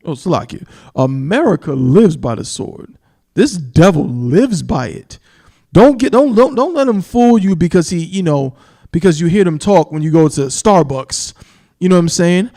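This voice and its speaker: Emphatic preaching man, slightly high voice. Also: animated, warm tone. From New York. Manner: emphatic, repeats "you understand?", stretches key words slowly; reads scripture in a slow, solemn cadence. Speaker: live-stream Bible teacher. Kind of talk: preaching Bible commentary on a live stream.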